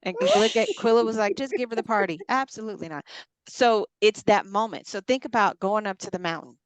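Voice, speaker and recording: A woman's voice: medium pitch, big pitch swings, fairly quick, no room sound. A woman hosting a ministry talk, animatedly acting out scripture scenes as she speaks. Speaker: ministry podcast host. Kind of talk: faith talk.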